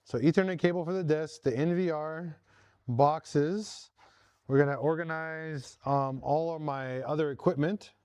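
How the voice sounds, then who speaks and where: A man's voice: on the high side, steady tone, a little slow, a little mellow, clear, resonant tone, no echo. A man hosting a casual workshop vlog from his home garage shop, talking viewers through each step as he works. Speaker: host.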